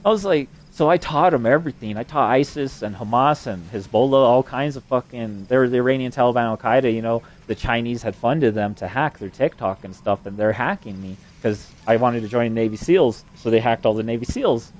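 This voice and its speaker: A young adult man with a medium-pitched voice talks a little fast with few pauses. He delivers a crude, rambling storytelling monologue, swearing constantly and leaning heavily on fillers.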